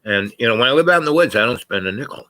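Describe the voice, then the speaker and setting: A man's voice: medium pitch, expressive, rapid-fire, pushed and bright. A man talking casually to his viewers, wandering through a story with lots of fillers, restarts and small laughs. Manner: laughs often mid-sentence. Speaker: vlogger. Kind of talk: casual rambling monologue.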